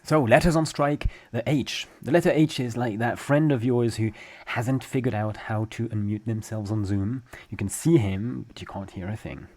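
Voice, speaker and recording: A man's voice: mid-range voice, moderate pace, few pauses, a little mellow. A man with a French accent, a French teacher giving a casual spoken lesson, joking as he explains and drawing out example sounds. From France.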